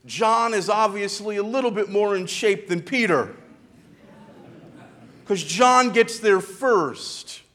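A male preacher delivers a sermon in a high, animated voice that rises and falls widely. He speaks slowly and dramatically, pausing often and dropping into hushed tones for emphasis. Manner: slow and dramatic, with pauses and quiet, hushed retellings.

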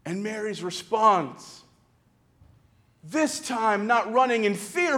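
With a high, spirited voice that swings widely up and down, a male preacher works through his sermon. Slow, dramatic pacing, frequent pauses, and soft, hushed retellings give his points their weight.

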